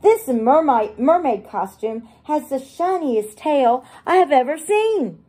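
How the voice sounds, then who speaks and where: A woman voicing Peppa Pig, a cheerful little girl pig, in a high, excited, squealing voice while reading a storybook aloud. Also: slow pace. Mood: delighted.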